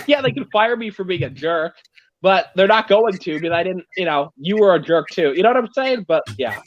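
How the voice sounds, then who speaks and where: A man on a livestream call in casual chat, telling workplace stories in a blunt, animated way. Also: high voice, a little fast. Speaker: livestream guest. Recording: dull lo-fi stream audio.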